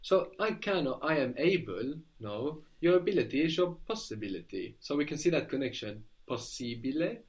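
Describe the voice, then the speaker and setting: A man's voice: on the high side, sing-song, moderate pace, hardly any pauses. A man tutoring a student in a language, patiently explaining and praising answers. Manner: encouraging, asks for repeats.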